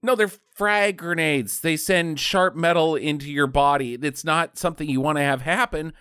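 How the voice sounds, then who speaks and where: A man co-hosting a casual podcast, animated and laughing, explaining things at length. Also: fairly high pitch, normal speed, clear, resonant tone, no room sound, clean studio sound. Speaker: podcast co-host. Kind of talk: casual movie-riffing chat.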